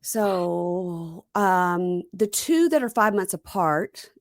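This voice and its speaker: A woman's voice: on the low side, animated, very slow, no room sound, clean studio sound. A woman hosting a podcast, chatting casually about reality TV and telling stories with quoted voices. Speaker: podcast host.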